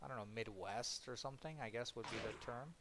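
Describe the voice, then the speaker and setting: Heavy background noise surrounds this man's mid-range voice, which runs a little fast. He's a streamer from Ontario, Canada, chatting loosely with viewers and responding to their comments as he plays a game.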